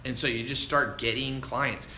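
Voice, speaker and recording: Male livestream coach, casual and chatty, forceful bright tone, faint background ambience. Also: mid-range voice, normal speed, a little hiss or hum. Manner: animated and chatty, calls listeners dude and man. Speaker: online business coach answering live viewer questions. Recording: roomy echo with faint ambience.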